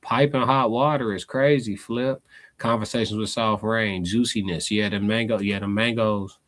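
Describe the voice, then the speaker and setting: A man's voice: on the low side, normal speed. Slangy male reaction-stream host. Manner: slangy, laughing, animated asides. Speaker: live show host. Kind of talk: casual reaction commentary.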